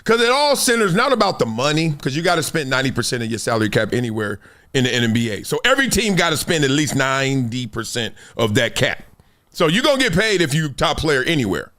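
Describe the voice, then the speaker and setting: A man hosting a sports talk stream in a casual, slangy, animated way, laughing often. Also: medium pitch, fast. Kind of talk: casual live-stream commentary.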